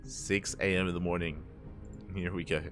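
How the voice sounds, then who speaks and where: Tired low-voiced male game caster. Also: fairly even intonation, moderate pace, music in the background. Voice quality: slightly slurred words. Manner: chatty, hypes with repeated catchphrases. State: tired, late at night. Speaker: esports caster. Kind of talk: live game commentary.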